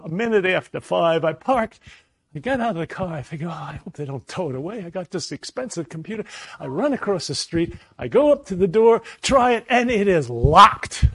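A man preaching a sermon, telling a personal story in a lively way and acting out the voices in it. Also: high voice, moderate pace, slightly rough, no echo. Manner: animated storyteller, acts out voices.

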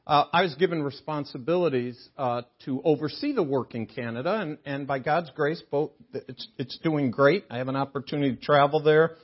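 A man's voice: on the high side, a little fast, few pauses, highs cut off. An older man preaching a sermon in a chapel, joking with the congregation. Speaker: guest preacher. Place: chapel sanctuary.

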